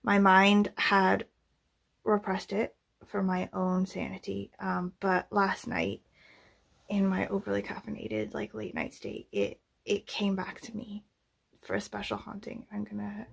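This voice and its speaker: A woman from the United States chatting to camera, telling rambling, self-deprecating stories full of fillers and sudden excited bursts. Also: measured pace, vocal fry, husky. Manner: jumps into high, excited bursts when animated. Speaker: channel host answering viewer questions. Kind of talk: casual chat to camera.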